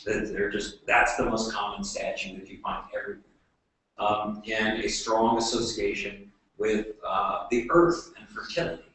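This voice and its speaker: A man giving a classroom lecture, talking haltingly with many fillers and restarts. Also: lowish voice, flat delivery, a bit bright. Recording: echoey room, voice from far off.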